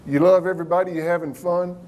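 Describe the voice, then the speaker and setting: Man doing an impression of a gravelly old airline boss, folksy and unhurried. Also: high voice, fairly even intonation, a little mellow, lightly acted. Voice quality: gravelly smoker's voice. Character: older male airline chief, folksy drawl.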